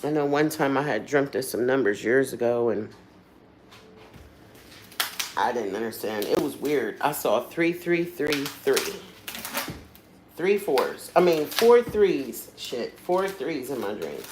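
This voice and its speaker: Woman, low pitch, livestream host, candid casual storytelling, swears freely, trailing asides. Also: big pitch swings, slow, pauses often, background noise.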